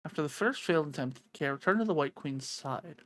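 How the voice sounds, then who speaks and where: Expressive woman reading a game aloud. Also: low voice, a little fast, no echo. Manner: expressive reader who breaks off to swear and joke. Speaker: streamer reading a visual novel aloud. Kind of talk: reading a game's narration aloud with live reactions.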